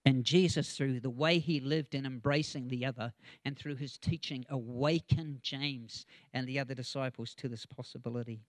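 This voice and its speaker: A man's voice: medium pitch, steady tone, moderate pace, dry recording, studio quality. A man preaching a conversational sermon, with chatty asides, chuckles and frequent ums.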